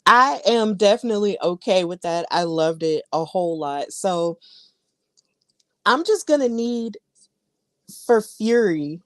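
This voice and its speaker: A woman's voice: medium pitch, expressive, measured pace, long pauses, fairly bright tone, no room sound. A woman in her thirties, a podcast co-host, chattily and enthusiastically recapping wrestling matches with many fillers.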